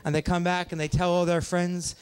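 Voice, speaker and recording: A man doing a stand-up comedy set on a small pub stage, with a wry, deadpan delivery and quick asides to the crowd. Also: high voice, smooth. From Ontario, Canada. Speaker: stand-up comic.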